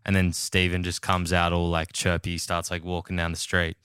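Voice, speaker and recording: A man's voice: sits low, normal speed, clear, resonant tone. A young man, hosting a casual podcast chat about a TV series, full of "like" and laughter. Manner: animated, laughs often, says "like" a lot. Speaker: podcast host.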